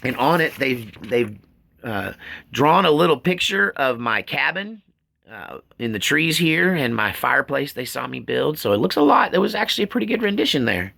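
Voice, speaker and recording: A man's voice: mid-range voice, big pitch swings, normal speed, vocal fry, bright, forceful tone. A middle-aged man, talking to camera in a folksy, rambling way and often choking up. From Texas. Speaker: vlogger reading fan mail. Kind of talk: casual, heartfelt talk to camera. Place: rural land outdoors.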